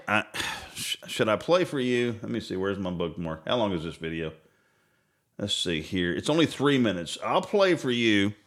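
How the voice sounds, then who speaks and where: On his own podcast, a host with a mid-range, fairly bright voice meanders through casual political talk, sarcastic and constantly cutting himself off.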